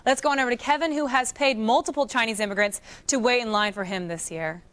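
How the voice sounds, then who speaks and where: A woman with a high voice co-hosting live TV in a studio. She teases and jokes, then reads show segments straight. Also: fast talker, a bit bright. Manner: teasing, laughing. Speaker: TV show co-host. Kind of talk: live TV banter.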